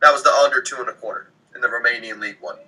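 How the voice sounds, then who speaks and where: Matter-of-fact betting co-host, sharp tone, distant from the mic. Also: male voice, mid-range voice, very fast. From abroad, came to the US at ten. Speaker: co-host on a sports betting show.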